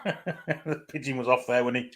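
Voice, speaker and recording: A man's voice: mid-range voice, steady tone, moderate pace. A man co-commentating on a football match for a fan show, chipping in laid-back remarks and frequent chuckles.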